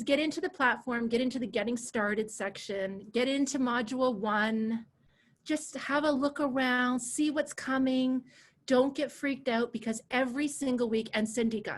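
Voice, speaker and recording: A woman in her forties teaching a live online coaching class over a video call, chatty and animated, laughing easily and repeating herself. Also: a little high, moderate pace. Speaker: coach and course instructor.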